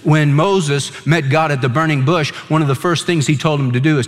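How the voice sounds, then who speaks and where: Male pastor, earnest sermon delivery, slightly high voice, long reverb tail. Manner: earnest preaching, slows and drops low to stress words.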